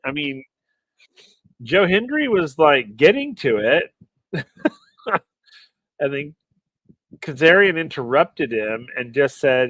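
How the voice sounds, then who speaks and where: A man's voice: fairly high pitch, sing-song, takes it slowly, long pauses, fairly bright tone, no room sound, low-quality recording. Laid-back, exasperated man on a podcast. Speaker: podcast co-host. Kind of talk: casual wrestling recap chat. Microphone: remote live-stream call mic.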